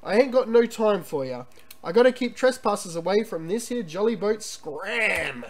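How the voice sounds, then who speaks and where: Man doing a grumpy old sea dog, growled, dismissive, lively pitch. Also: moderate pace. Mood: surly. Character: grizzled rasping old sailor, male, surly.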